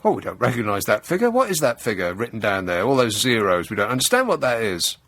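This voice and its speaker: A man's voice: mid-range voice, big pitch swings, quick pace, fairly bright tone, no echo, pitched below the performer's own voice. A man putting on a flustered, evasive male government spokesman who hesitates and bumbles, as part of a radio monologue. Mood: bumbling.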